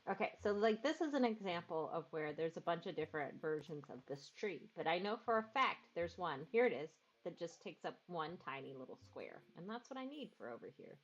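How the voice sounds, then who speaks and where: A woman's voice: on the low side, very animated, fairly quick, hardly any pauses. A woman streaming a video game in casual chat, rambling about decorating and cooing to her dogs. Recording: dull lo-fi stream audio with game music.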